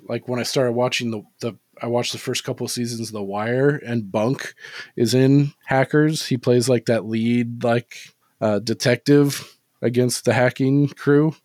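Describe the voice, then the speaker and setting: A man's voice: mid-range voice, steady tone, measured pace, a little mellow, no room sound. A man co-hosting a movie podcast in loose, casual chat, peppering his talk with "like" and cheerful swearing. His voice sits mid-range and sounds dry and close, with no room around it. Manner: laid-back, swears freely, lots of "like" fillers. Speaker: podcast co-host.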